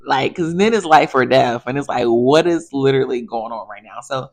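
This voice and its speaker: A woman with a low-pitched voice talks casually to her viewers. She is a physical therapist sharing work stories in a chatty, animated monologue. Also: normal speed.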